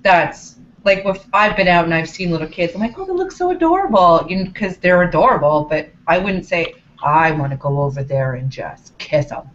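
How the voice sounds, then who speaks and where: A woman's voice: deep voice, steady tone, normal speed, hardly any pauses, fairly bright tone, slight background noise. A woman in casual chat, firm and emphatic, who repeats her points. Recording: dull lo-fi audio.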